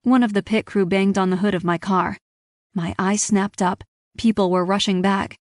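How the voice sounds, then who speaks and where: Woman, first-person audiobook narration, tense and clipped, middle pitch, dry close sound. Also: fairly even intonation, normal speed, no echo.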